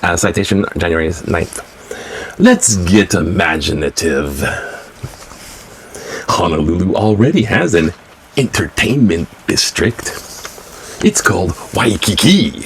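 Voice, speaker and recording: A man's voice: sits low, animated, measured pace, pauses often, slight background noise. A man hosting a spoof news show, reading newspaper letters aloud and breaking in with wry, mocking asides. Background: music.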